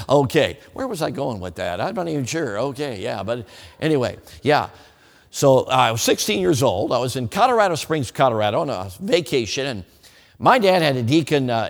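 A middle-aged man preaching a sermon, telling stories animatedly and putting questions to the congregation. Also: mid-range voice. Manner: animated storytelling, quizzing the congregation. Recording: echoey hall reverb.

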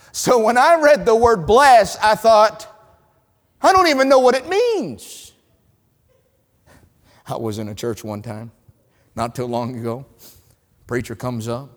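A Southern-accented male evangelist preaching in a high, lively voice that rises and falls across a wide range. He tells stories in his sermon and swings between loud lines and hushed ones. His voice carries a long hall reverb. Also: unhurried, pauses often. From North Carolina, USA.

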